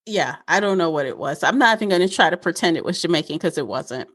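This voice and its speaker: A woman's voice: lowish voice, lively intonation, fast talker, a bit bright. A woman co-hosting a casual book-chat podcast, candid and blunt, laughing often. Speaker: podcast co-host.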